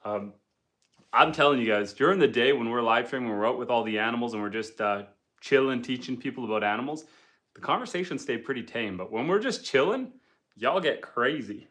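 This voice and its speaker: Bright-voiced homesteader chatting on a livestream. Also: male voice, mid-range voice, lively intonation, fairly quick. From Canada. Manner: easygoing, chatty, with frequent ums and uhs. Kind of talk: casual livestream chat, reading viewer comments. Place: indoors at home by a wood stove fire.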